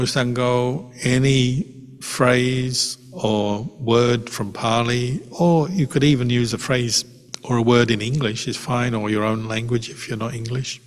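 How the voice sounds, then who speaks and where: Calm monk teaching in a reverberant hall. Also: male voice, medium pitch. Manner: calm, unhurried, reassuring, with pauses. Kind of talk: answering questions in a dharma talk.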